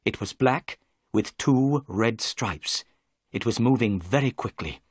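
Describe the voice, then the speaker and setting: A man giving clear, measured narration of a graded reader story. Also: medium pitch, animated, no room sound, clean studio sound.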